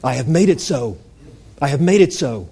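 A preacher doing a hushed, tender Jesus. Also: male voice, mid-range voice, lively intonation, normal speed, vocal fry, husky, pitched below the performer's own voice. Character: Jesus, gentle calm man speaking softly.

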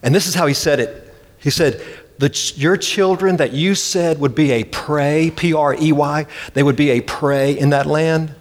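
A man's voice: a little high, moderate pace. A man preaching a sermon with emphatic delivery, acting out the voices he quotes. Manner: emphatic, dramatic quoting. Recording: long reverb hall.

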